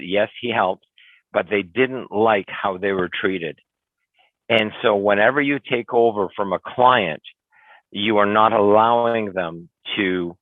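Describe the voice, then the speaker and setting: A man's voice: fairly low pitch, dry recording. An older man giving an earnest webinar talk as a real estate sales coach, lecturing and often acting out what clients and agents say. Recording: tinny phone-like dry webinar audio.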